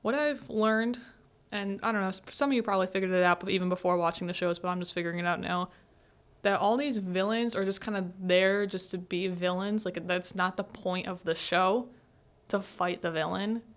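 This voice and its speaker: A young woman hosting a student podcast, retelling scenes in a chatty, animated way with lots of filler words and acted-out quotes. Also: mid-range voice, normal speed. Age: young adult. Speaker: podcast host. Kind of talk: casual solo podcast recap.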